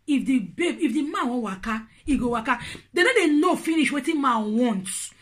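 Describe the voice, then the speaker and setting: A woman speaking Nigerian Pidgin, giving casual relationship advice in an animated, preachy and playful way. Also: high-pitched, moderate pace. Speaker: vlogger.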